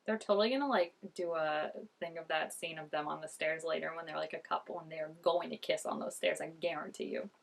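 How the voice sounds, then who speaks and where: A woman's voice: low-pitched, steady tone, brisk, gravelly, hardly any pauses. A young woman reacting to a TV episode in casual commentary, chatty and gushing, laughing often and saying "like" a lot. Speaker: TV reaction vlogger.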